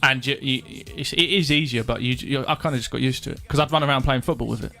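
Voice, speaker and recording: Young male guest, middle pitch, halting and casual, soft music underneath. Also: creaky. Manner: hesitant, halting, restarts a lot. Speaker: podcast guest. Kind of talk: casual chat.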